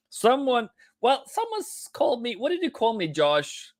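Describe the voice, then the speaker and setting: A playful man runs a live trading stream, jumping from dry market readouts to silly cheers. His pitch swings widely and he speaks at an unhurried pace. The sound is close and dry, with little room echo. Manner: playful, jokey, breaks into excited chanting.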